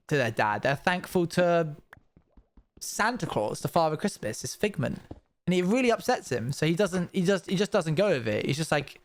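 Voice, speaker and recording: Chatty dude reacting on stream, kinda high-pitched, wry and rambly. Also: male voice. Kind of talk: casual live-stream commentary.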